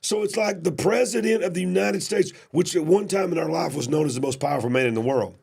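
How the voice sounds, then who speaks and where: A male host with a gravelly, husky voice that pitches a little above the usual for a man. He talks with growing emphasis and rises into shouted questions. He is fighting a cough. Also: quick pace. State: coughing, cough drops in mouth. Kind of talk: casual political commentary.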